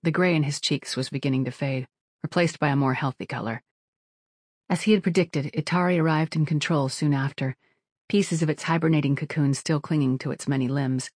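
An audiobook narrator reading in a steady, even manner at a middling pitch. The sound is close and completely dry, with no room around the voice. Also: brisk, dry recording. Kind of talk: scripted narration.

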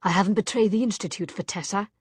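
A woman voicing a calm, gentle young man who speaks steadily and earnestly. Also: medium pitch, quick pace, breathy edge, no echo. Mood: firm.

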